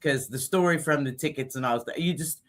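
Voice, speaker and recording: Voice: medium pitch, brisk. A co-host teasing a guest in a casual chat. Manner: teasing, lively.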